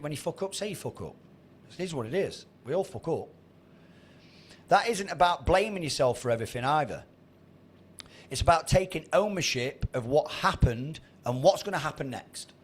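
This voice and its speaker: A man's voice: fairly high pitch, lively intonation, normal speed, slight background noise. Blunt sweary man on a video call. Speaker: trading mentor. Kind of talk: motivational talk on a group video call.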